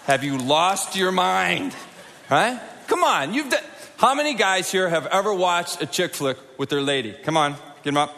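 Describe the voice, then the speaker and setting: Middle-aged male pastor, animated conversational sermon, slightly high voice, reverberant auditorium. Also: normal speed, vocal fry, slight background noise. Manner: animated, conversational, with acted-out quotes and audience prompts. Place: large church auditorium.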